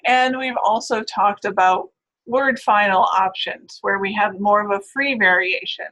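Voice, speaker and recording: A woman lectures on phonetics in a bright, clear voice. She explains patiently, often pausing to check in with her class before moving on. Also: mid-range voice, poor audio. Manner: explanatory, with frequent "right?" and "all right".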